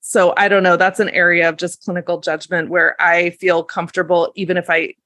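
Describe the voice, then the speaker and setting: A lactation consultant woman talks shop on a podcast, her voice sitting on the low side. She is chatty and self-deprecating, full of fillers. The sound is dry and close. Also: level tone, a little fast, fairly bright tone, no echo. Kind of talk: casual podcast chat.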